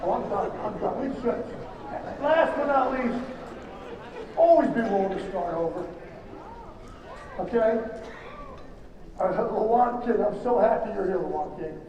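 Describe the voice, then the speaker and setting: A man giving an emphatic, rambling motivational speech to an audience, with halting restarts. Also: high-pitched, dull audio. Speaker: motivational speaker at a business event. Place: large hall. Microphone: distant from the microphone. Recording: echoey hall from far off, faint noise.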